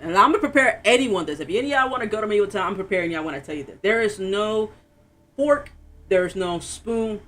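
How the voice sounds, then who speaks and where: A streamer from Florida chats while gaming, spinning animated stories at an easy middle pitch. The speaker laughs a lot and slips into voices when quoting people. The voice is close and direct on a desk mic. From Florida, USA. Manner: animated storyteller, laughs often, acts out quotes. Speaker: game streamer. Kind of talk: casual chat while playing.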